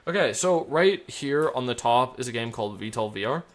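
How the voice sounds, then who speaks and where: A man streaming a flight game, chatting loosely with lots of fillers and switching into crisp radio phraseology as a tower controller. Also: medium pitch, lively intonation, normal speed. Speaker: streamer and virtual air traffic controller. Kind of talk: casual live-stream chat.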